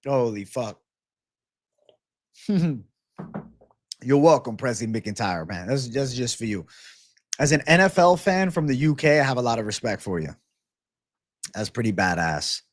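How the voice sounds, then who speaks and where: A man's voice: mid-range voice, expressive, unhurried, long pauses. Profane, rambling male stream host. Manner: profane, rambling, flares into ranting. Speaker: livestream host. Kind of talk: live betting-picks stream talk.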